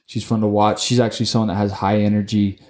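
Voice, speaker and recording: A young man with a lowish voice co-hosts a casual sports podcast, rushing through his opinions. He's excitable and profane, swearing constantly, stumbling over his words and repeating them.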